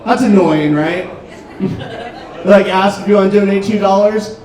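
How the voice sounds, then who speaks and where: A man doing a stand-up set, telling dark jokes in a deadpan way with frequent ums, on a restaurant comedy stage. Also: high voice, a little slow. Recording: roomy club, distant mic, crowd noise. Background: audience laughter.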